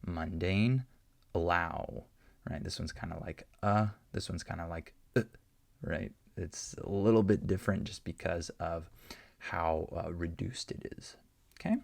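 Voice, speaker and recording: A man's voice: low-pitched, steady tone, normal speed, vocal fry, a little mellow, husky. A man teaching English pronunciation in an unscripted online lesson, explaining patiently with many fillers and "right?" checks.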